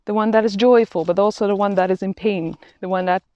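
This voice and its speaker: A woman talking through a reflective vlog while out on a quiet walk in nature, halting and thoughtful, often restarting her sentences. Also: mid-range voice, fairly even intonation, no room sound. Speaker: vlogger. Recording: dull, slightly lo-fi sound.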